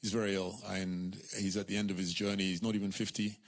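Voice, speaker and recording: A middle-aged man delivering a church sermon. He tells the story with animated repetition and switches into the voices of its characters as he goes. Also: deep voice, quick pace. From United Kingdom. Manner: animated storytelling, repeats words, acts out voices. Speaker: preacher.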